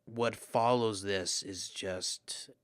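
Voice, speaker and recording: A man co-hosting a podcast, reviewing a movie in an excitable, rambling, profane way. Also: lowish voice, very slow, no echo. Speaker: podcast co-host. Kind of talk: casual movie review chat.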